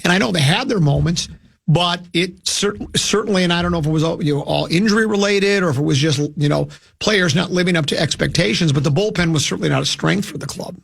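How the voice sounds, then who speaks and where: A male sports radio host with a high, gravelly voice that turns husky at the edges. He rambles in casual chat and repeats words as he works his thoughts out aloud. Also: quick pace.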